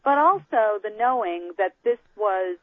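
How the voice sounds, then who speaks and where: A woman guest telling an animated personal story, acting out quoted lines, over a call. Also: mid-range voice, a little slow, no room sound. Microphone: phone call. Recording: tinny phone line.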